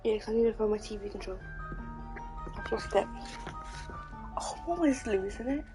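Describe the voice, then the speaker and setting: A woman's voice: mid-range voice, animated, normal speed. A woman streaming a game live, chatting and giggling as she talks to herself. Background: faint game music.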